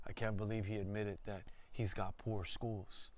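A man's voice: lowish voice, steady tone, unhurried. A male teacher reading a picture book aloud as a lesson, enthusiastic and speaking straight to his listeners. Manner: enthusiastic, exclaiming and addressing listeners. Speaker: ethnic studies teacher. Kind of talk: storybook read-aloud lesson.

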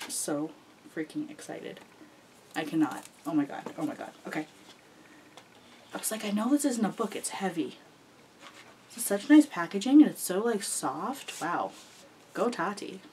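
A young woman vlogger gushing excitedly as she unboxes gifts, full of "like" fillers. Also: mid-range voice, measured pace, long pauses, background noise. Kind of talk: gift unboxing chat.

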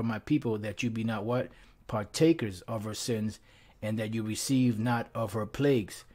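A man's voice: medium pitch, a little mellow. Conversational male Bible teacher. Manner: loose and conversational, heavy on "you know" and "um"; turns emphatic and preachy when driving points home. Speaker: Bible teacher leading a live lesson. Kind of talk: informal scripture lesson, reading verses aloud.

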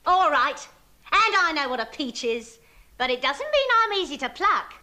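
An actress playing a flirtatious cockney wench who puts on an obviously fake French accent and teases coyly. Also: female voice, high voice, big pitch swings, normal speed, pushed and bright, exaggerated voice. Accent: Cockney putting on a bogus French accent. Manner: coy, teasing, giggly.

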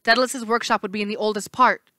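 A woman's voice: medium pitch, fairly even intonation, fast talker, bright, forceful tone, no echo, close to an everyday voice. A woman voicing a clever teenage girl who leads the group in a firm, matter-of-fact way. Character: brainy teenage girl leader, brisk and sure.

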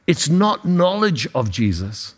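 Male preacher, earnest sermon delivery, slightly high pitch, repeats words as he builds. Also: sing-song, takes it slowly.

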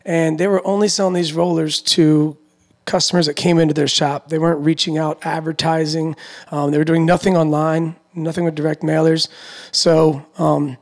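A man in his thirties, from Florida, a guest in a casual interview, telling his story in a relaxed way with many fillers. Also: a little high, moderate pace. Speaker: guest, roller dealer.

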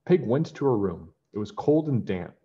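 A man reading a children's storybook aloud, narrating in a lively way and switching into character voices. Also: on the low side, moderate pace, slightly rough, dull audio. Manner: lively, raises his voice for characters and drops it for narration. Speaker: children's book reader.

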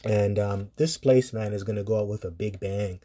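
Man preaching, rambling and mellow. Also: fairly low pitch, steady tone, normal speed. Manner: rambling, preachy, swears casually, laughs at times. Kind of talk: informal online sermon.

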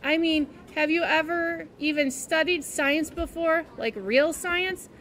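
A woman's voice: sits high, takes it slowly, fairly bright tone, a little hiss or hum, voice pushed up. A woman doing a sneering rude schoolboy. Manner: sneering, mocking. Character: rude sarcastic schoolboy, about ten.

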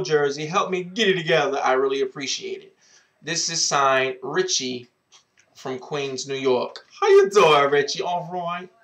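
Sassy, slow-talking man vlogging advice. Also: a little high, fairly bright tone. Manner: sassy and outspoken, swears freely; repeats a drawn-out greeting catchphrase. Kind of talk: casual advice vlog.

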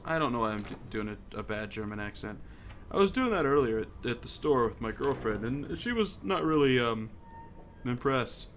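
A man's voice: mid-range voice, animated, normal speed, fairly bright tone, a little hiss or hum. A man giving casual gameplay commentary, joking, swearing and muttering to himself as he plays. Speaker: gamer.

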